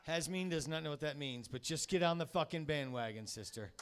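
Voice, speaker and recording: Loud rambling male comedy host. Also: a little high, fast, hardly any pauses. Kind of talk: hosting a comedy show. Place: comedy bar, live audience.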